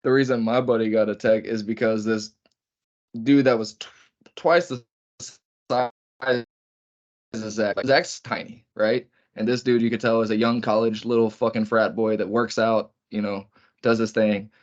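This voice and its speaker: A man's voice: on the low side, level tone, normal speed, dull audio. A man co-hosting a podcast, telling profane stories in casual chat. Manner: profane storytelling. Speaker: podcast co-host.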